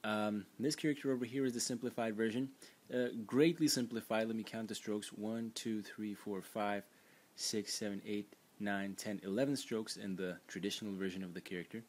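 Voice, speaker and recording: Male teacher, very low voice, unscripted explainer with lots of "uh" and restarts. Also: steady tone, moderate pace, a little mellow. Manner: explanatory, frequent fillers and restarts. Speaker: language teacher. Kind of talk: screen-recorded lesson narration.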